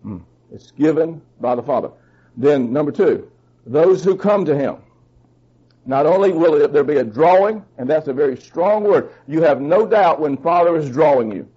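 A man's voice: lively intonation, normal speed, dark tone, breathy edge, muffled recording. A man preaching a sermon with a fervent, emphatic delivery, putting questions to the congregation and speaking. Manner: fervent, emphatic, rises in pitch when stressing points.

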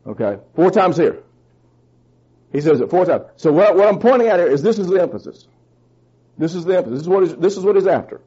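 Male preacher, emphatic sermon delivery, slightly husky high voice. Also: expressive, quick pace, pauses often, dark tone, dull audio. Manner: fervent, emphatic, rises in pitch when stressing points; asks the congregation questions.

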